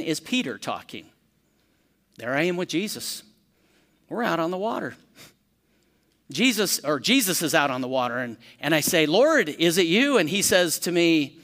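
A man teaching a Bible study as pastor, talking conversationally, asking the room questions and acting out quick lively storytelling examples. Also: fairly high pitch, in a large hall.

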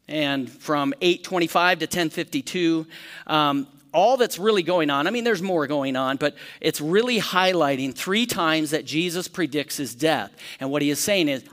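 A man teaching a Bible study as pastor, talking conversationally, asking the room questions and acting out quick lively storytelling examples. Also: fairly high pitch, big-room sound.

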